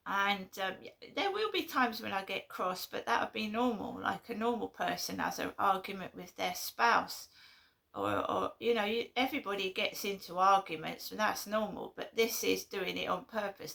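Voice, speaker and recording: A woman's voice: mid-range voice, moderate pace, creaky, pushed and bright. A woman vlogging in an indignant, rambling way with many fillers. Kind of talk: casual vlog monologue.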